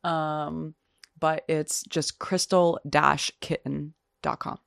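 Lowish-voiced young woman podcast guest. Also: flat delivery, creaky, a bit bright, clear, resonant tone, no room sound, clean studio sound. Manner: agreeable, quick to back up the host. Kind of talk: casual podcast chat.

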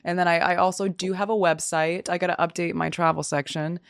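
A woman's voice: on the low side, flat delivery, creaky, clear, resonant tone, no room sound, studio quality. A young woman guest on a podcast, chatting casually and agreeably. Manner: agreeable, quick to back up the host.

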